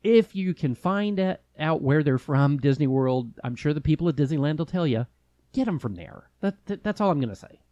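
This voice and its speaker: A man's voice: a little high, expressive, moderate pace, warm tone, no room sound, dull audio. A man from California co-hosting a podcast, joking and chatting casually with fillers. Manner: playful, jokey, trails off with fillers. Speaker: podcast co-host. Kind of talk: casual chat.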